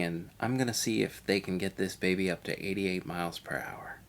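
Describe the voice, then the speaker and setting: A man's voice: deep voice, normal speed, few pauses. A man giving a parody audio commentary over a video, pompous, self-satisfied and absurd. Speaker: mock film commentator.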